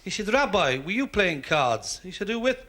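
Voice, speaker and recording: A man with a Liverpool accent doing stand-up, telling quick gags and putting on stuttering voices for the characters. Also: high voice, very animated, heavy background noise. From Liverpool, England. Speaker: stand-up comedian. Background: audience laughter.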